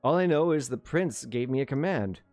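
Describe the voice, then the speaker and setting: A man's voice: medium pitch, lively intonation, moderate pace, a little mellow, no room sound, soft background music, close to an everyday voice. A man voicing a morose, grave young male cavalry orderly.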